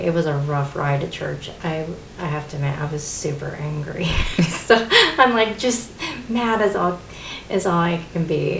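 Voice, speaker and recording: Gravelly middle-aged woman telling a story. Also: fairly low pitch, a little hiss or hum. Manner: storytelling, animated, laughing often. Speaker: co-host. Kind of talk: casual faith talk. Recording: echoey room.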